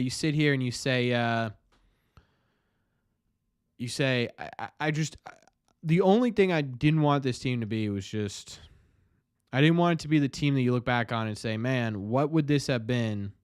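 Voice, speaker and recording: A man's voice: mid-range voice, moderate pace, long pauses, clean tone, no echo, clean studio sound. A young man hosting a live stream, chatting with viewers, talking in rambling, exasperated bursts with frequent restarts. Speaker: podcast host reading live chat. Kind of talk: casual live-stream game commentary.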